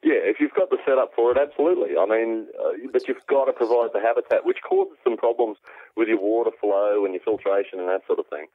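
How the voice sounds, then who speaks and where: A low-voiced man with an Australian accent talks through a long, relaxed explanation, dotting it with ums. His voice comes over a tinny, dry phone line. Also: quick pace, no room sound. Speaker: aquaponics specialist guest. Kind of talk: explanatory interview answers. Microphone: phone call.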